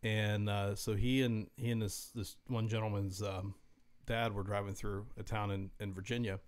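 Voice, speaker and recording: Low flat-voiced guy on a chatty podcast, lots of restarts. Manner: halting, with many restarts. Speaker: podcast co-host. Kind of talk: casual chat.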